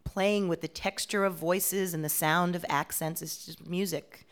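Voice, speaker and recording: Animated, laughing woman guest. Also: fairly low pitch. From Washington, D.C. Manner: animated, laughs often, quick asides. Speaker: guest, solo performer and playwright. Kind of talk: interview conversation.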